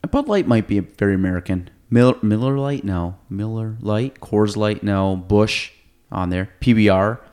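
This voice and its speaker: Rambling low-voiced male podcast host. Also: expressive, normal speed, darkish tone, smooth. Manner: rambling, thinks aloud. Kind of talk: casual chat.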